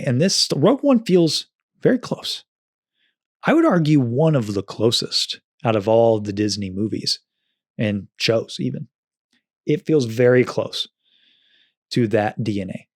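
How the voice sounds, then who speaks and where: A man's voice: medium pitch, big pitch swings, moderate pace, dry recording. Dry-miked man musing on film scores. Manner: thoughtful, careful with facts, qualifies his points. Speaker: podcast co-host. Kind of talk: casual film discussion.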